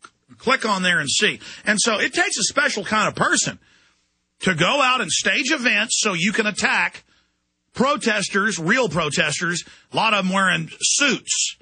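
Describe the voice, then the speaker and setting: High bright ranting male radio host. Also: animated, measured pace, slightly rough, no echo. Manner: forceful, ranting, mocks others in put-on voices. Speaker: radio talk show host. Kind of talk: ranting call-in radio talk. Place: radio studio.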